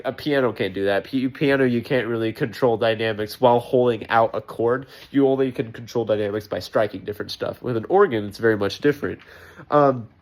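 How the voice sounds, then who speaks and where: A man giving casual spoken feedback on a choir rehearsal, rambling with many fillers and restarts, enthusiastic about musical detail. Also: medium pitch. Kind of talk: casual spoken critique and explanation.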